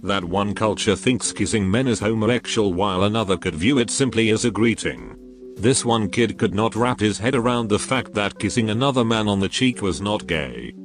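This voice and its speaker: Male narrator, low register, deadpan storytelling read over soft background music. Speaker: narrator reading online stories. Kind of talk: scripted narration. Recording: faint music bed.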